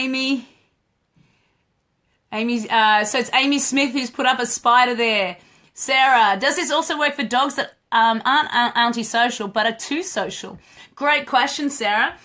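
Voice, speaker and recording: A young woman runs a relaxed live question-and-answer stream on dog training. Her voice sits a little high and rings bright and forceful. She is chatty and quick to laugh, calling out to viewers by name as she goes. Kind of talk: casual live-stream chat.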